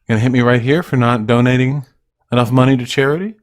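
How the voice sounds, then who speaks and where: A man's voice: medium pitch, steady tone, fast talker. A young man hosting a livestream, ranting at his chat in a profane, combative and mocking way. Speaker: livestream host.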